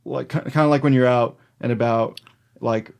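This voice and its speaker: A man's voice: medium pitch, fairly even intonation, normal speed, creaky. A man co-hosting a folklore podcast in casual chat, rambling with many fillers and easy laughs. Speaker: podcast co-host.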